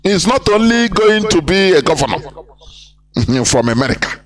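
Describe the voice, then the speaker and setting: This Nigerian activist broadcaster speaks in a high-sitting voice with big pitch swings, a little on the slow side. On a live broadcast he delivers impassioned political commentary, firing off rhetorical questions and mixing in Igbo phrases.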